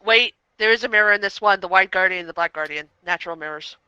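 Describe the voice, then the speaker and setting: A woman talks through a story in a relaxed review podcast. Her voice is bright and forceful, and she jumps in eagerly to recap the next scene. The sound is dry and close to the mic, with no room in it. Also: medium pitch, clean tone, no room sound, lo-fi sound. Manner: animated, recapping plot with quick interjections. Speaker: podcast co-host. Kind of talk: casual review chat.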